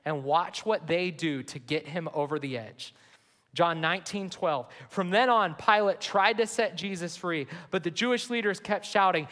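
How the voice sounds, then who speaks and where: A man's voice: sits high, normal speed, fairly bright tone. A man, a pastor, preaching an earnest sermon to his church and reading scripture aloud. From United States. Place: large church sanctuary. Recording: long hall reverb.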